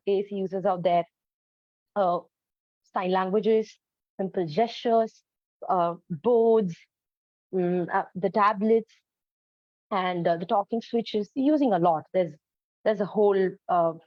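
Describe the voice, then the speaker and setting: A woman gives an educational talk, explaining her points earnestly and pausing often on ums and uhs. Her voice sits at a middling pitch. The recording is dull and lo-fi, with a dry, close sound. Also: no room sound. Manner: earnest, explanatory, many fillers. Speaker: presenter on storytelling for autistic children.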